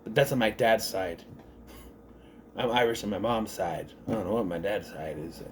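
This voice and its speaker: A man's voice: on the low side, normal speed, background noise. A man giving a casual spoken movie review, rambling and correcting himself as he thinks aloud.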